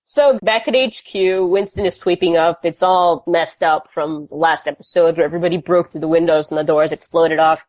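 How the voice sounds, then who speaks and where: Woman, podcast co-host, sarcastic recap, slightly low voice, dry muffled recording. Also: dry recording. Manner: sarcastic, quick storytelling with playful put-on quotes. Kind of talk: casual recap chat.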